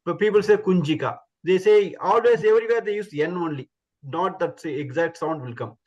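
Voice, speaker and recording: Guy teaching sounds online, higher voice, repeats each syllable patiently. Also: fairly quick, darkish tone, lo-fi sound. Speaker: Sanskrit pronunciation teacher. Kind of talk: online class instruction.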